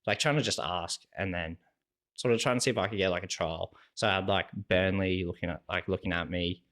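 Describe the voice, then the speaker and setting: A young Australian man with a low voice, appearing as a podcast guest, briskly tells stories in a relaxed, animated way. He acts out what people said and uses "like" in nearly every sentence.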